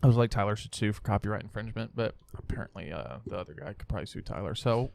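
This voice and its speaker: A man co-hosting a casual podcast, excitable and quick to swear, often talking over his partner. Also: lowish voice, vocal fry, dry recording. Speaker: podcast co-host. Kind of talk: casual chat.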